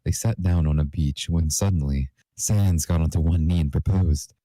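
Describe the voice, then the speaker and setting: Deep-voiced young man reading fan fiction. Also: moderate pace, no room sound, poor audio. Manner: reads deadpan, with playful put-on character lines.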